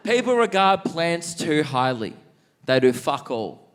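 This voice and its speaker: A man's voice: a little high, sing-song, measured pace, fairly bright tone, clear, resonant tone. A man with an Australian accent doing a stand-up comedy set on a theatre stage, often laughing through his own lines. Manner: laughs mid-line at his own jokes. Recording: live theatre recording with faint crowd noise. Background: faint audience laughter.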